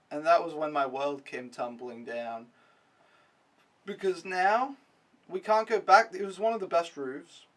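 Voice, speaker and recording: A man's voice: on the high side, lively intonation, a little slow, fairly bright tone, distant mic. A young man vlogging a casual, rambling recap, mocking himself and swearing freely.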